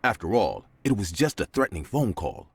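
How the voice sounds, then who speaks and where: Husky, deep-voiced male story narrator. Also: huge pitch swings, fairly quick. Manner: dramatic, with big swings of pitch.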